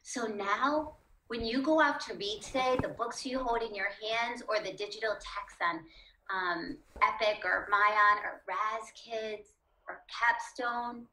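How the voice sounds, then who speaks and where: Woman teacher, reading lesson for kids, slow and encouraging, echoey room. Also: medium pitch, bright, forceful tone, a little hiss or hum. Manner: slow, encouraging, asks the class questions.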